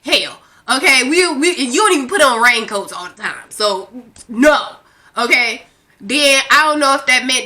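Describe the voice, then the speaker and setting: A young woman tells a storytime rant with brash, profane energy and an animated delivery. Her voice sits fairly high, and her tone is bright and forceful. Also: moderate pace. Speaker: vlogger.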